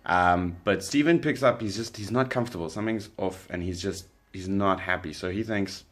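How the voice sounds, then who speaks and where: Low-voiced South African man telling a story. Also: moderate pace. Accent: South African English. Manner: relaxed, rambling, with many fillers and restarts. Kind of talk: casual spoken storytelling. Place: indoors by candlelight.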